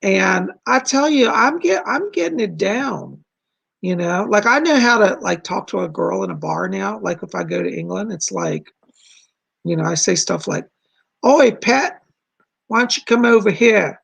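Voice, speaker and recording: Gravelly-voiced man hosting a chatty livestream. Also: sits high, moderate pace, fairly bright tone. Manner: chatty, laughs often, earnest. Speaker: psychic and livestream host. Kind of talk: casual livestream chat.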